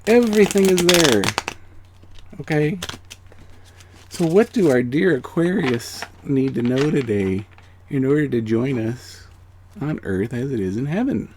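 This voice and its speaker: Speaking at a measured pace in a mid-range voice, with a little hiss or hum behind him, an angel card reader gives an emotional spiritual reading to his audience. His encouragement is earnest; he moves between near-whispers and excited emphasis, repeats phrases, and checks in with "okay?"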